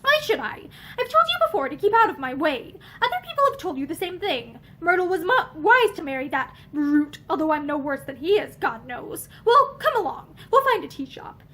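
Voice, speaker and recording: A brooding young man, gruff and curt, with a bitter, sarcastic edge, as a woman reading a novel puts him on. The voice stays high, with wide swings between low and raised tones. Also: big pitch swings, moderate pace, few pauses, fairly bright tone, full character voice.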